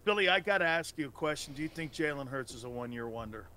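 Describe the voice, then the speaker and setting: Brash male sports host, high and swooping, very animated. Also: fast, slight background noise. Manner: brash, blunt, swearing. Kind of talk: sports talk show hosting.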